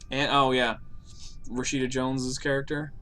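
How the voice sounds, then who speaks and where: A man's voice: medium pitch, level tone, moderate pace, sharp tone. A young man chatting casually and opinionatedly while streaming a game, cracking jokes. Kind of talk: casual gaming stream chat.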